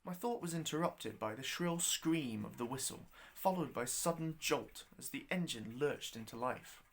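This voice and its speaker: A man reading his own novella aloud as narrator, with an expressive, wry delivery. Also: medium pitch, moderate pace. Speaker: storyteller.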